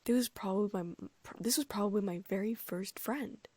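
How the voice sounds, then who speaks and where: A woman reading a first-person fan fiction audiobook in a soft, often near-whispered voice. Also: medium pitch, normal speed, slightly rough, no room sound. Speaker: audiobook narrator.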